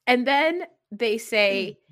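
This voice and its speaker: A woman's voice: on the high side, drawn-out words. A woman co-hosting a podcast, chatting casually and animatedly with frequent laughter while recapping a reality show. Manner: animated, laughs often, acts out quotes. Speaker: podcast co-host.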